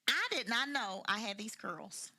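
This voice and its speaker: A woman's voice: on the high side, animated, unhurried, bright, forceful tone. An older woman from Louisville with a Kentucky country twang and a soothing voice, chatting as a podcast guest in a folksy way and repeating phrases for emphasis. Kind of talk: casual chat.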